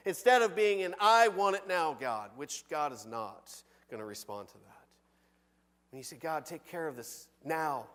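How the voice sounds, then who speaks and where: A man preaching a sermon from the pulpit, conversational and animated, with big swings between loud and soft. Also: sits high, in a large hall. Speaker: pastor. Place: church sanctuary.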